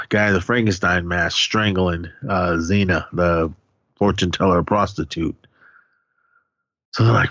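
A man's voice: fairly low pitch, fairly bright tone, no room sound, muffled recording. A man casually recapping a horror movie with a co-host, rambling and profane, often laughing and acting out lines.

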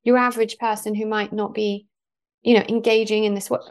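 A woman's voice: medium pitch, little pitch movement, brisk. A woman hosting a podcast, asking long, chatty questions with restarts. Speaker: podcast host. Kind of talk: podcast interview.

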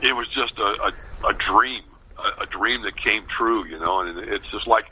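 A man in his fifties, a former ballplayer, telling a long anecdote in a relaxed interview, with many fillers and restarts. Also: fairly low pitch, moderate pace, slight background noise, poor audio. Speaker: former baseball player, radio pregame host. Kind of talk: casual storytelling interview.

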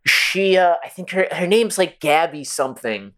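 A podcast co-host chiming in with quick agreements and crude jokes. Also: mid-range voice, lively intonation, fairly bright tone. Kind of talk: casual chat.

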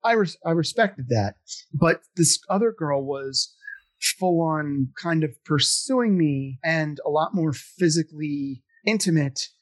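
A man with a slightly raised pitch talks casually about his community theater years. He is self-deprecating and lively, and he slips into other people's voices when he quotes them. The recording is dry and close, with no room sound. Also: measured pace, dry recording. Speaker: actor telling stories. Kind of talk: casual storytelling chat.

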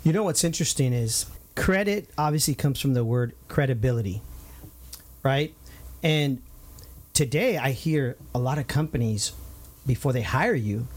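A man hosting a community talk show, chatting casually and telling lively stories. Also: mid-range voice, normal speed. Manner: lively storyteller, upbeat. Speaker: show host. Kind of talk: casual interview chat.

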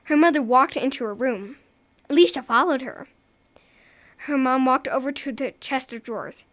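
A woman telling a children's story aloud in a lively, expressive way. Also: sits high, moderate pace, dry recording.

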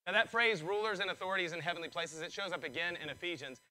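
A male pastor preaching a sermon, excitable and building in intensity, his voice strained from preaching. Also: high-pitched, fast talker, poor audio.

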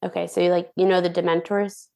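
A woman's voice: lowish voice, quick pace, gravelly. Bubbly woman telling a story. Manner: bubbly, animated, acts out quoted voices. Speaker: guest, former cruise ship dancer. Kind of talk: casual storytelling interview.

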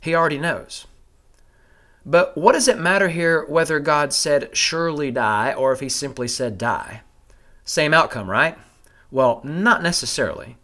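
A man, a father with a family, giving a measured, scripted Bible lesson, explaining a passage step by step and posing rhetorical questions. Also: a little high, expressive, bright, forceful tone. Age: adult with a family. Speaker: Bible teacher. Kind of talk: scripted teaching narration.

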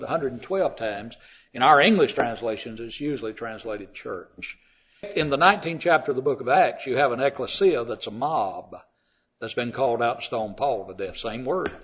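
A man preaching a sermon, emphatic, swinging from loud declarations to quiet asides. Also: medium pitch, slightly rough. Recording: dull lo-fi sound.

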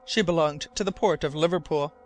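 A man's voice: a little high, brisk, lightly acted. A man voicing a vain, chatty older male island governor who was once a corporal. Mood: reminiscing. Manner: chatty, boastful, eager to reminisce.

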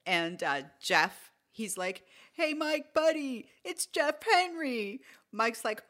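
A middle-aged woman co-hosting a podcast, telling a story in casual chat and acting out the quoted lines with lively energy. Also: high voice, slow pace. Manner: animated, acts out quoted dialogue. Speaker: podcast co-host.

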